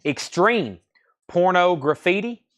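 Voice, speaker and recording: A man's voice: sits high, expressive, takes it slowly, fairly bright tone. A man hosting a live-stream record sale, talking in breezy, joking sales patter with repeated catchphrases.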